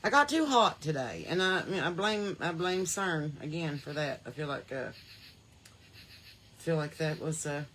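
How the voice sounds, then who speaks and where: A woman with a Southern American accent hosting a podcast, chatting folksy and loose from her porch into a phone, laughing often and swinging between loud and soft. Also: low-pitched, expressive, normal speed, a little hiss or hum. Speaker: podcast host. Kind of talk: casual livestream chat. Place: outdoors on a porch. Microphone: phone on a holder.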